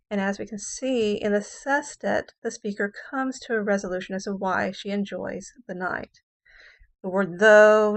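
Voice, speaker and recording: A woman English professor giving a classroom lecture on a sonnet, reading lines of verse slowly with heavy stress and then explaining them in plain words with the odd "um" and "okay". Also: medium pitch.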